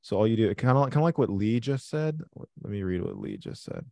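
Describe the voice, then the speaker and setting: Dude hosting a trading stream, swears nonstop, gets hyped fast, dry close sound. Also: male voice, on the low side, vocal fry, no room sound. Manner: excitable, swears constantly. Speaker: livestream trading host. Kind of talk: casual live-stream chat.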